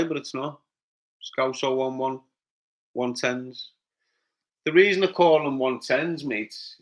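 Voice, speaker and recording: Speaking with a mid-range, fairly bright voice, this Scouse-accented middle-aged man from Liverpool, England, runs a relaxed livestream. He chats away, calling out usernames and replying to each viewer comment in turn.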